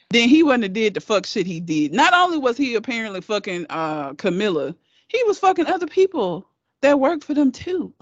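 A woman's voice: on the high side, no room sound. A woman telling a story in casual chat, cursing freely and laughing often. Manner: profane, laughing, animated storyteller. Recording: slightly muffled, dry.

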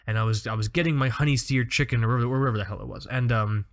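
A man co-hosts a casual podcast, wired from drinking coffee late in the day. He tells animated stories and swears freely as he goes. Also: mid-range voice, racing. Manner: animated, profane storytelling. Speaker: podcast co-host. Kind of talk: casual chat.

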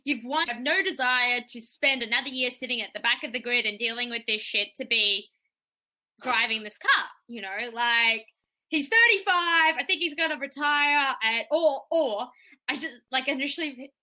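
Bright, high-voiced Australian woman. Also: low-quality recording. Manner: animated, quick, laughing asides. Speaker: podcast co-host. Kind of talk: casual chat.

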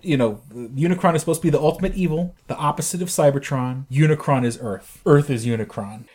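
A man's voice: a little high, a little mellow. A man co-hosting a casual movie podcast, rambling and swearing, full of fillers and restarts. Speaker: podcast co-host. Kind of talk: casual chat about movies.

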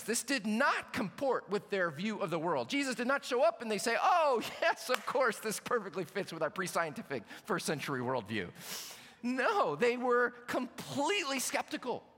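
A man preaches a sermon, his bright voice swinging widely in pitch. He slips into playful acted asides, and his words ring with a long reverb from a large hall. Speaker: pastor.

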